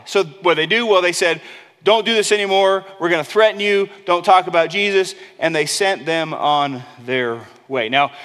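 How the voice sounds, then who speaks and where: A man preaching a sermon in a conversational way, dropping low and quiet on key words and acting out the voices of people he quotes. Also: big-room sound. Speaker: pastor.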